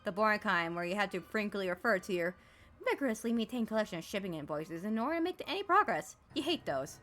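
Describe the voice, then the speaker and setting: A woman's voice: mid-range voice, quick pace, soft background music. A woman streamer reading a game's text aloud and joking about it as she plays. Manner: animated, jokey, mocks the game text. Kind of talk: reading game text aloud with playful commentary.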